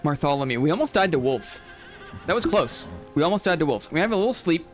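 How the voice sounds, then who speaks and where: A man's voice: fairly high pitch, very animated, quick pace, faint music behind. A man casually commenting while he plays a game on a live stream, chatting playfully with his viewers and reading their messages aloud.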